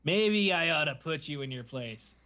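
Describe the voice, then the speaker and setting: Menacing tiger-form hero man, as a man puts him on, teasing, lively high voice. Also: moderate pace.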